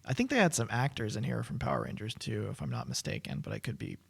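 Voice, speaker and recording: A man's voice: lowish voice, huge pitch swings, fast, gravelly, breathy edge. A young man co-hosting a podcast in casual chat, laid-back and laughing often. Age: young adult. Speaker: podcast co-host.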